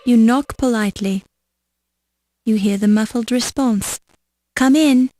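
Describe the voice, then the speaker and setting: A woman's voice: fairly high pitch, a little slow, warm tone, a little hiss or hum, close to an everyday voice, poor audio. A woman narrating an adventure game with dry, wry scripted remarks.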